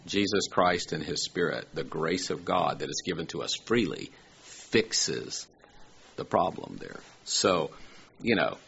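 A man's voice: sits low, animated, a little slow, creaky, a bit bright, husky, muffled recording. A man preaching a sermon in a conversational way, full of rhetorical questions and everyday examples, rising to emphatic peaks.

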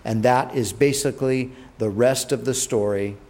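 A man preaching, retelling a Bible story with animated delivery and acted-out quotes. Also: moderate pace. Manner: animated, acts out quotes with rising and dropping pitch. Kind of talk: sermon storytelling.

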